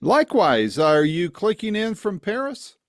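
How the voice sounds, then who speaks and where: Folksy podcast host, dry close sound. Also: male voice, high-pitched, sing-song, measured pace, dry recording. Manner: friendly, folksy, with promo asides. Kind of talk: podcast intro and interview. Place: East Tennessee, home setup.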